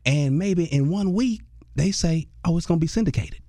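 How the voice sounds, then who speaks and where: A man, a comedian and radio host, telling a lively story in a conversational interview, acting out other people's voices with bursts of laughter. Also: a little high, moderate pace, no room sound, studio quality.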